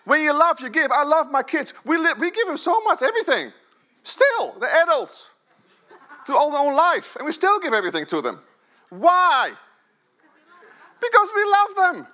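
Speaking briskly in a very high voice, this fifties-aged pastor gives an animated, joke-filled sermon during a church service. He alternates booming outbursts with hushed side remarks.

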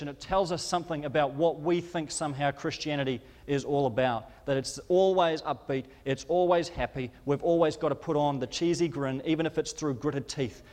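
A man preaching a sermon, impassioned, acting out quoted cries to God with rising urgency. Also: a little high. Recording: long hall reverb.

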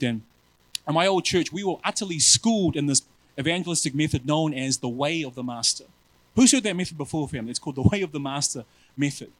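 A male preacher giving a sermon in an animated, self-mocking way, often calling his listeners family. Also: fairly high pitch, fast talker, no echo, low-quality recording.

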